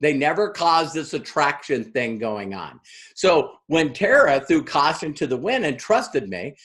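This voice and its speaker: A man giving a motivational business training talk, animated and acting out other people's lines as he tells stories. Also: on the high side, measured pace.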